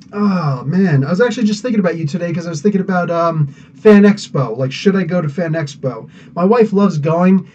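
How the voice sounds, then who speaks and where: Man, casual rambling host, slightly high-pitched, muffled distant mic. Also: moderate pace, a little mellow, a little hiss or hum. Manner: chatty, rambling, greets viewers by name. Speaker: podcast host. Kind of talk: casual live chat. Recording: dull sound, mic somewhat distant.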